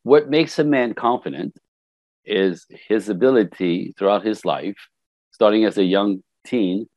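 Older guy coaching, low voice, super dry sound, tells stories acting out what people said. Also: unhurried, no echo. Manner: animated storyteller, acts out quotes. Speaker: life coach. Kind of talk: conversational interview.

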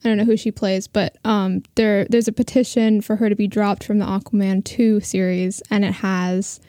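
Mellow-voiced woman in casual chat. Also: medium pitch, little pitch movement, moderate pace, no echo, studio quality. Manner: chatty, gossipy, opinionated.

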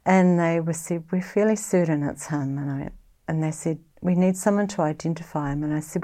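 A middle-aged woman with a New Zealand accent, a guest telling a personal story in an interview in a halting, reflective, soft-spoken way. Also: sits low.

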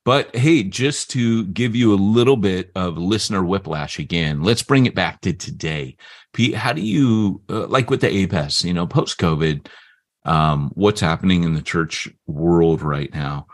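Low-voiced man with lively pitch, joking. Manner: joking, quick to laugh, jumps in with quips. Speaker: podcast co-host. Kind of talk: casual chat.

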